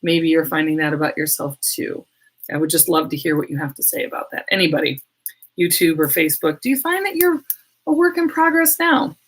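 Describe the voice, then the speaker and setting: A woman's voice: low-pitched, expressive, fairly quick. Chatty woman hosting a casual livestream. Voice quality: slightly hoarse. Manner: chatty, rambling, laughs often. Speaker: medium and livestream host.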